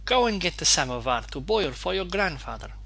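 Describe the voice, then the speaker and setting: A man voicing a brisk, scolding old woman housekeeper in a storybook reading, pushing his voice high and sharp. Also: sing-song, creaky, full character voice.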